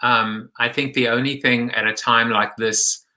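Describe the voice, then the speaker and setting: A man hosting an online show, speaking in a halting, hesitant way with many fillers and restarts. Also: medium pitch, little pitch movement, sharp tone, rough recording. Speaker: show host. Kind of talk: somber casual talk.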